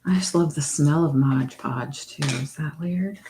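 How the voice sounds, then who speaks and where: A woman's voice: unhurried, slight background noise. A woman hosting a casual crafting livestream from home, chatting with viewers and talking to her dog in baby talk now and then. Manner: slips into high baby talk with her dog, drops to soft whispers.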